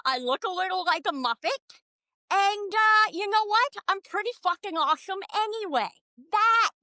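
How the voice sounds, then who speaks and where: A woman comedian in casual podcast chat, profane and animated, ranting with big swings in loudness. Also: very high-pitched, no echo. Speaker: comedian guest.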